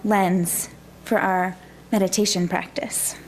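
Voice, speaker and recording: A woman minister preaching a gentle, reflective sermon in a church. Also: mid-range voice, little pitch movement, slow pace, faint music behind.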